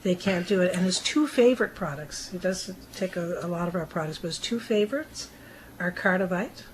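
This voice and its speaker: A woman's voice: fairly low pitch, lively intonation, brisk, poor audio. Chatty woman co-hosting a radio show. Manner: chatty, reads listener emails. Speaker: radio co-host. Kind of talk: talk radio chat.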